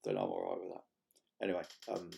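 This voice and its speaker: A man, rambling casually to camera in a vlog, swearing freely and filling pauses with ums and restarts. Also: rumbling low, very animated, creaky, warm tone. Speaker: vlogger.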